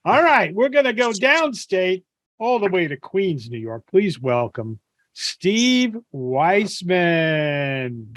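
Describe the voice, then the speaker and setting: A man hosts a comedy showcase over a video call, introducing each comic with upbeat emcee energy. His voice sits high for a man and moves around a lot. The sound is dry and close to the mic. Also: lively intonation, slow, a bit bright, no echo. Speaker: show host. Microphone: computer mic on video call.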